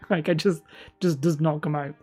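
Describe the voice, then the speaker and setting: A woman's voice: deep voice, steady tone, normal speed, mellow, slightly rough, faint music behind. A woman with a slight lisp, hosting a rambling live stream and chatting to viewers. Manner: rambling, self-correcting, laughs often. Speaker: host streaming live and reading chat. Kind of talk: casual livestream chat.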